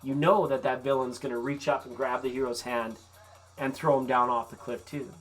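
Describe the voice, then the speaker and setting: A tarot reader hosting a live stream, talking casually and encouragingly to viewers, with relaxed, folksy phrasing and the odd swear word. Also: mid-range voice, moderate pace, faint music behind. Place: vacation rental.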